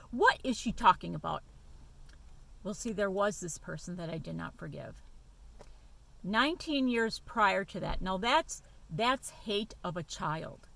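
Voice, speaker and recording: Woman vlogger, casual to-camera talk, slightly low voice, emphatic and chatty with frequent fillers. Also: fairly bright tone. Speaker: YouTube vlogger.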